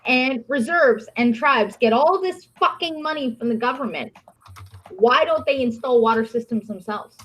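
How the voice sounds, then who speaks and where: A woman's voice: fairly high pitch, moderate pace, a bit bright, poor audio. Heated, sarcastic woman podcast host. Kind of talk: casual ranting commentary.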